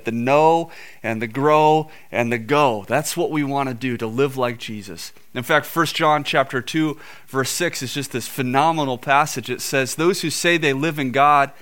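Earnest male pastor with a smooth voice. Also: mid-range voice, a bit bright. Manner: earnest storytelling, repeats words when building up. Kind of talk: sermon. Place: church with screens on stage.

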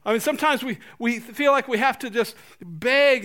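High, bright-voiced male pastor preaching. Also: normal speed. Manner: animated, laughing, acting out prayers in funny voices. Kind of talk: sermon.

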